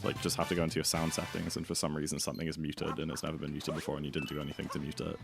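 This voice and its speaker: A man's voice: rumbling low, monotone, very fast, creaky. A man streaming a game, chatting casually and rambling while he reads and answers his chat. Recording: game music playing behind.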